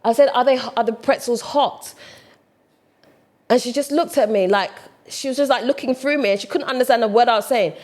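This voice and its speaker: A woman with a British accent, talking casually to camera in a chatty, animated way. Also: fairly high pitch, quick pace, few pauses. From United Kingdom. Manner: chatty, animated, mimics other voices. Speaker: vlogger.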